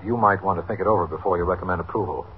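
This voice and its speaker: A man's voice: deep voice, racing, slight background noise, close to an everyday voice. A man playing a practical, deferential police inspector in a 1950s radio drama, speaking in a matter-of-fact way. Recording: dull old radio broadcast.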